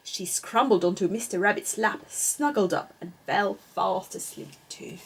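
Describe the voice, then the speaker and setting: A woman reading a children's picture book aloud in an expressive, sing-song way. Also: medium pitch, a little slow, slight background noise. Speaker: storyteller.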